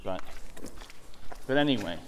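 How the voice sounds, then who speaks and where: A man's voice: fairly low pitch, animated, a little slow, noisy background. A man hosting a podcast, chatting casually while walking outdoors on a trail, telling stories and mimicking accents playfully. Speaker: podcast host.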